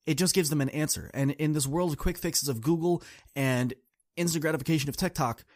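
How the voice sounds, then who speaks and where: A man's voice: on the high side, brisk, darkish tone, no echo, clean studio sound. A man hosting a podcast, telling a coaching story in an earnest, direct, casual way. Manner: earnest, direct, addresses listeners as y'all. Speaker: podcast host and student coach.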